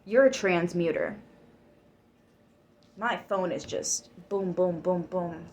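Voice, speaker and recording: A woman's voice: on the low side, slow, darkish tone, slight background noise. A woman giving a tarot reading to her viewers. She talks emphatically, swears freely and gets worked up. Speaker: tarot reader.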